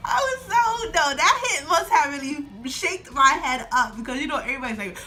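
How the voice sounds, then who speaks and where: A woman's voice: high-pitched, very animated, moderate pace, pushed and bright. A woman in her twenties telling a storytime vlog at home, laughing often as she talks. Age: 20s. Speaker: vlogger.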